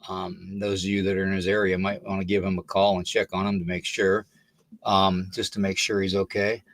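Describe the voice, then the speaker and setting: A man's voice: low-pitched, little pitch movement, brisk, fairly bright tone, dry recording. An older man hosting a paranormal podcast livestream, tired and a little out of breath, chatting loosely and greeting viewers by name. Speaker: podcast host. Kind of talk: casual livestream talk.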